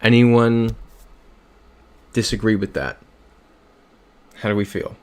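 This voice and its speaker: A man's voice: on the low side, flat delivery, takes it slowly, a little mellow, clear, resonant tone. A young man chatting casually on a livestream while playing a geography game. He rambles through stories and reads viewer comments aloud.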